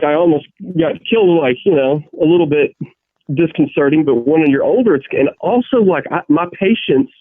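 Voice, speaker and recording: A man's voice: a little high, no echo. A man co-hosting a casual chat, telling rambling stories full of restarts and swearing. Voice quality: profane, ranting storyteller. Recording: tinny phone-like sound.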